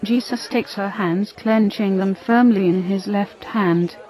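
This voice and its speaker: A woman's voice: medium pitch, unhurried, mellow, poor audio. Woman reading a religious story. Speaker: narrator.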